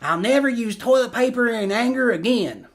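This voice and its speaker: A man putting on a whiny, high-pitched cartoon boy with a Southern accent and soft vocal fry. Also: expressive, normal speed. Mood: whining.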